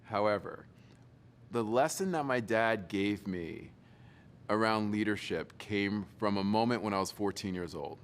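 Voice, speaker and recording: A young adult man giving a storytelling keynote talk, playful and teasing his audience. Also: on the low side. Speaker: motivational speaker.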